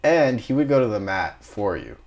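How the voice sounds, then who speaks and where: Casting: low-pitched male marine engineer, casual storyteller who acts out dialogue. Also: very animated, moderate pace, vocal fry, crowd noise. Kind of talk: casual chat, telling sea stories.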